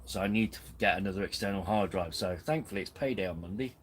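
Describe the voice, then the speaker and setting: A man's voice: sits low, quick pace, slight background noise, rough recording. A man hosting a casual live stream from his tent, rambling and self-deprecating. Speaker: camping channel host. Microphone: camera on tripod.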